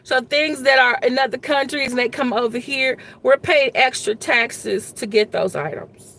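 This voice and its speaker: A woman's voice: sits high, normal speed, a bit bright, slight background noise. A woman who teaches history and government, giving casual political commentary straight to her viewers in a rambling, exasperated way, saying "y'all" often. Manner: colloquial, says "y'all".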